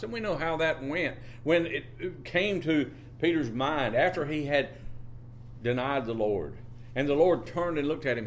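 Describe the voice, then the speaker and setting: A man preaching a sermon, drawing out phrases and lifting his pitch on key words, reading scripture in old-fashioned wording. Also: animated, unhurried, slight background noise. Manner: reads scripture in King James wording.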